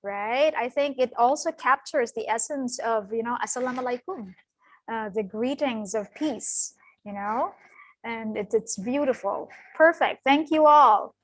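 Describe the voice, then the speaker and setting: A woman's voice: fairly high pitch, unhurried, no echo, low-quality recording. A middle-aged woman giving an online guest lecture, encouraging and laughing often, speaking over a video call. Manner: warm encouraging, laughs often, fillers like "you know". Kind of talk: online lecture with volunteer readings.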